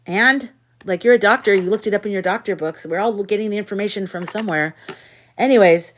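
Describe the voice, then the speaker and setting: A woman's voice: medium pitch, a little fast. A woman hosting a casual livestream, telling candid stories with an exasperated edge and reading viewers' comments aloud. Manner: candid storyteller who reads chat comments aloud; outspoken and exasperated in anecdotes. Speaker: livestream host. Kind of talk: casual live chat with viewers.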